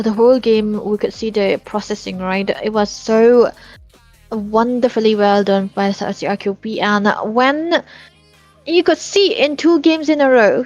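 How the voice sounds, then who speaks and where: A woman casting live esports, chatty and excitable, breaking into giggles as she breaks down the game. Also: a little high, lo-fi sound. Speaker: esports caster and analyst.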